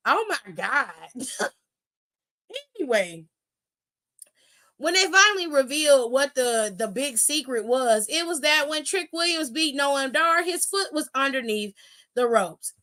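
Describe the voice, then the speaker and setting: A woman host giving a sassy, animated wrestling recap full of slang and swearing. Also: sits high, unhurried. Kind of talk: casual recap commentary.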